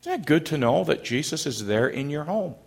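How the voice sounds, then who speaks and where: A middle-aged man, a pastor, preaching a sermon and telling a story in a gentle, halting way. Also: fairly high pitch, big pitch swings, creaky.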